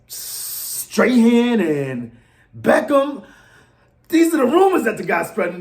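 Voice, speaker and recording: An excitable man, probably in his thirties, rants to his fans in a casual vlog, going from low mutters to loud outbursts. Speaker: fan channel host. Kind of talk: animated fan rant to camera.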